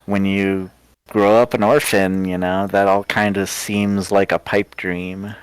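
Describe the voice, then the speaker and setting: A reserved former soldier commander, as a man puts him on in a tabletop game. His very low, smooth voice comes slow and halting, shy in a dry, close sound. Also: flat delivery, no room sound. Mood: awkward. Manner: shy, awkward, few words.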